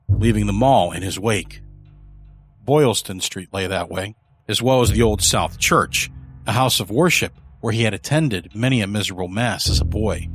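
A man narrating a horror story in a measured, dark storytelling manner. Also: lowish voice, husky.

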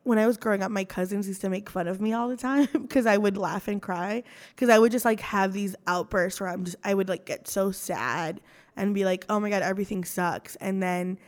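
A woman's voice: mid-range voice, fairly even intonation, moderate pace. A woman talking casually as a podcast guest in a studio, rambling with lots of fillers and frequent laughter. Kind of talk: casual chat.

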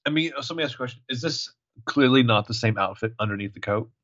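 A man's voice: medium pitch, fast talker. A man co-hosting a podcast, playfully recapping a TV episode and reading out the characters' lines. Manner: playful, jokey, reads out characters' lines with lively quoting. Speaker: podcast co-host. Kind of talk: casual chat. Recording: slightly dull, lo-fi sound.

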